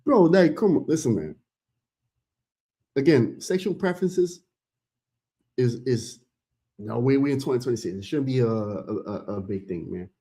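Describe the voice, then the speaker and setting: A man streaming a casual, animated reaction, stumbling over his words and calling his audience "bro.". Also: mid-range voice, normal speed, pauses often.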